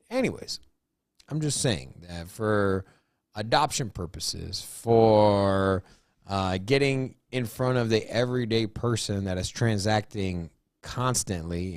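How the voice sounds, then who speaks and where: A man's voice: mid-range voice, no echo, studio quality. A man co-hosting a casual crypto show, rambling through his points with many restarts and "you know"s. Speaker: co-host. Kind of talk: casual chat.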